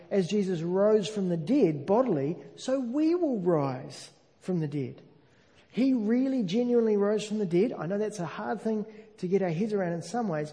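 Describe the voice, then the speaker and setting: A man preaching a sermon, earnest and emphatic, slowing down to stress key phrases. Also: sits high, mellow. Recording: long hall reverb.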